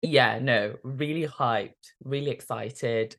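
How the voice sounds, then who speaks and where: A woman's voice: rumbling low, slow pace, fairly bright tone. A woman co-hosting a podcast in a casual, upbeat, chatty way, laughing often. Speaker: podcast co-host. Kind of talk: casual chat and presenting.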